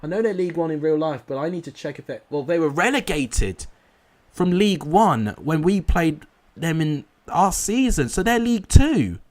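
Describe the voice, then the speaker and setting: A man's voice: on the high side, lively intonation, normal speed. A young man commentating live on his football game, frustrated and exclamatory, cursing at his players. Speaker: gaming YouTuber.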